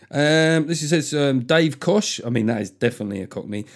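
A man's voice: mid-range voice, expressive, a little fast. Middle-aged male comic as a solo podcast host, loose, sweary, jokey, talking straight into the mic. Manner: sweary, jokey, throws in voices for effect.

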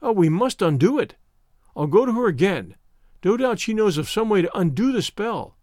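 A desperate young woman from an old storybook, pleading and wailing in a high, swooping voice, as a male reader puts her on. The recording is dry and close, with no room sound. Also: sing-song, moderate pace, darkish tone, no room sound. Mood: distraught. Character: young distressed woman, anxious and remorseful.

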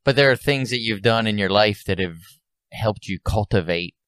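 Deep-voiced man, earnest podcast co-host. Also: moderate pace, a bit bright, clean tone, dry recording. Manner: earnest, reflective, swears casually. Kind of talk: casual chat.

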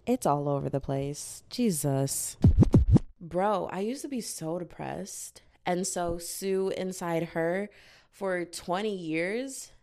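A woman's voice: fairly low pitch, slow, a little mellow. A young woman talking candidly in a casual confessional vlog, rambling with lots of filler "like"s and self-mocking asides. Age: young adult. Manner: rambling, heavy use of "like", self-mocking outbursts. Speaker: vlogger. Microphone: own microphone.

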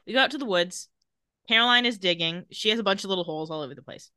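A woman co-hosting a casual podcast, retelling TV scenes in an animated way and laughing often. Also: mid-range voice, clear, resonant tone, no echo, clean studio sound. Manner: animated, laughs often, quotes characters in quick voices. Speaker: podcast co-host recapping a TV episode.

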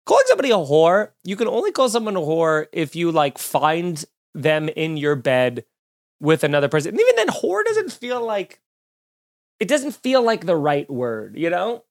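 Animated, foul-mouthed man ranting. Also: fairly high pitch, normal speed. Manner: animated, profane, mock-outraged. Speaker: podcast host. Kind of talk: comedic ranting podcast chat.

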